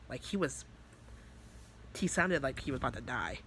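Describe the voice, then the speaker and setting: A man's voice: medium pitch, very animated, moderate pace, long pauses, fairly bright tone, a little hiss or hum. Rambling man telling a story. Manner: rambling, filler-heavy and profane. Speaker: vlogger. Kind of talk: casual storytelling.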